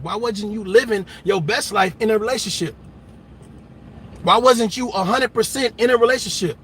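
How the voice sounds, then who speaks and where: A man hosting a reaction channel, delivering a loud, emphatic and mocking rant that keeps repeating itself. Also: sits high, a little fast, slight background noise.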